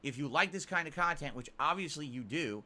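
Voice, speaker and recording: A content creator, a man, speaking to his viewers in a polished, scripted, pitch-like way. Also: expressive, fairly quick, sharp tone.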